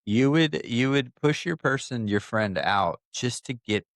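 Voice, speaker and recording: A man's voice: medium pitch, lively intonation, unhurried, fairly bright tone, dry recording, studio quality. A man co-hosting a podcast, chatting casually and teasing his co-host as a playful devil's advocate. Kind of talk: casual chat.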